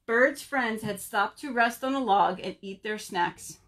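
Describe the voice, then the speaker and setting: A children's librarian reads a story aloud at home for a virtual storytime, speaking expressively and directly to the kids. Her voice is medium in pitch, and she keeps a measured pace with few pauses.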